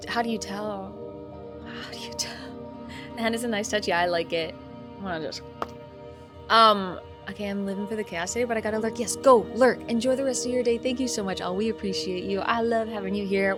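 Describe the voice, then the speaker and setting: A young woman streaming a game and chatting casually with viewers, loud and playful, swinging from yelling to soft asides. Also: fairly high pitch.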